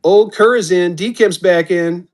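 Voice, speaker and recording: Hosting a live-stream auction, a high-pitched man chats casually and unhurriedly, upbeat as he calls out each bidder who comes in.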